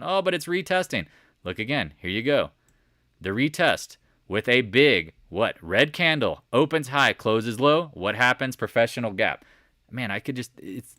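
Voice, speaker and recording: A man hosting a live market chat, walking viewers through charts with animated asides and rhetorical questions to the chat. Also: mid-range voice, no room sound, clean studio sound. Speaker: market commentary host. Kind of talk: live stock chart commentary.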